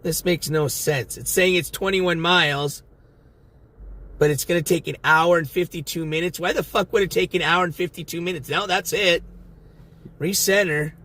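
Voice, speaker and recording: Streaming live from inside his car while driving, a man rambles casually to his chat, swearing often. His voice is fairly high and steady, with a sharp tone, delivered at a moderate pace.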